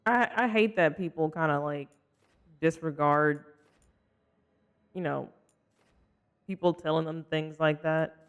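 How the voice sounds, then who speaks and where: A game streamer casually chatting with live viewers while playing, expressive and apologetic, swinging between loud exclamations and soft mutters. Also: medium pitch, slow, long pauses, clean tone. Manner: chatty and sympathetic, reacting to chat with frequent apologies.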